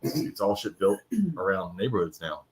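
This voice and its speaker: A fairly low-voiced man chatting casually on a podcast. He is blunt, jokes around and swears freely. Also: very animated, normal speed, darkish tone. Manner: blunt, swears often, joking. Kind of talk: casual chat.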